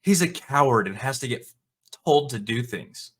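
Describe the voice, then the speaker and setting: A man's voice: mid-range voice, lively intonation, moderate pace, a bit bright. A man hosting a commentary vlog, ranting in an indignant, mocking tone and swearing freely. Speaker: video commentator.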